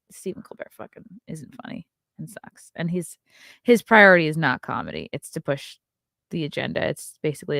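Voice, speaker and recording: A woman's voice: fairly low pitch, no echo. Sarcastic, foul-mouthed woman host, dry sound. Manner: sarcastic, profane, scornful asides. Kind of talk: reading news stories aloud and commenting.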